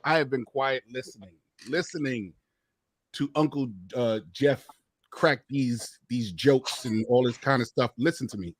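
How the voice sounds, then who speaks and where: A man, a comedian, talking in a lively, emphatic way on a call-in panel discussion. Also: medium pitch, unhurried, dry recording. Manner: lively, emphatic, slips into impressions. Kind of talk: animated casual debate.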